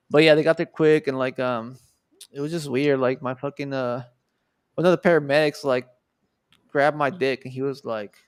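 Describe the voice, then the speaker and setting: A guest artist from Texas in his twenties speaks in a mid-range voice with vocal fry, over clean studio sound with no room sound. His personal story is told loosely and casually, riddled with fillers and swearing.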